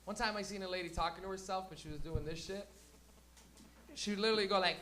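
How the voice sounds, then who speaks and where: A man's voice: sits high, racing, fairly bright tone. A man doing crude, rambling live stand-up comedy as host, acting out characters for a crowd. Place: comedy venue before a live audience.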